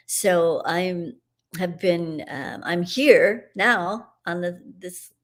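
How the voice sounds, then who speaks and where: A middle-aged woman hosting a live broadcast and leading a guided energy clearing in a meandering, soothing, spiritual way. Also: lowish voice, very slow. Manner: meandering, spiritual, soothing, with soft laughs and fillers.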